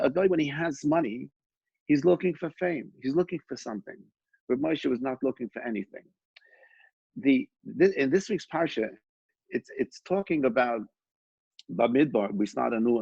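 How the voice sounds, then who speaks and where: Male Torah teacher, conversational storyteller, husky voice, dull lo-fi recording. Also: mid-range voice, lively intonation, normal speed, darkish tone, no room sound. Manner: conversational, with frequent restarts and quoted dialogue. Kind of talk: informal Torah class with storytelling.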